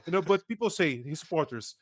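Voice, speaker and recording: A Brazilian-accented man talks politics in a casual podcast, sarcastic and animated, acting out the people he mocks. His voice sits high, and the sound is close and dry with no room around it. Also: quick pace, no room sound. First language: Portuguese. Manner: animated, sarcastic, acts out quotes. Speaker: guest political commentator.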